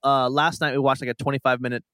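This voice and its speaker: A man co-hosting a podcast, talking in a chatty, emphatic way with quick asides. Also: mid-range voice, flat delivery, pushed and bright, clear, resonant tone, no echo, studio quality. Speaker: podcast co-host. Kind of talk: casual chat.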